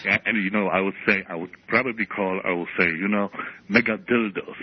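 A man from Poland with a Polish accent calling in to a talk radio show, halting and searching for words. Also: low-pitched, fairly even intonation, husky. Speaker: caller. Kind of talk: phone call to talk radio. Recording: dull broadcast audio.

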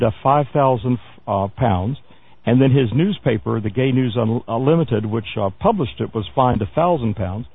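A man with a medium-pitched, gravelly, rough voice hosts a talk radio news segment. He keeps stumbling through fillers and restarts while slipping in wry asides, and the audio is thin and boxy like a phone-line broadcast.

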